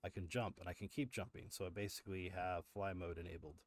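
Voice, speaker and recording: A man's voice: low-pitched, steady tone, fast talker, no echo, clean studio sound. A man hosting a live stream, explaining step by step as he works, with frequent fillers and restarts. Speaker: livestream host. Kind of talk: live coding walkthrough.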